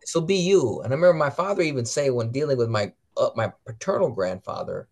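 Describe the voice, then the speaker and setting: Talking quickly with big swings in pitch, this mid-range male voice chats casually about faith and family. Along the way he reads catechism passages aloud and spins stories, performing the quoted voices himself.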